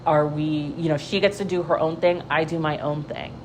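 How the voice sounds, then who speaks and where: A woman's voice: sits low, steady tone, brisk, a little hiss or hum, poor audio. A young woman giving casual, profane gossip commentary, full of fillers and restarts. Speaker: commentary vlogger.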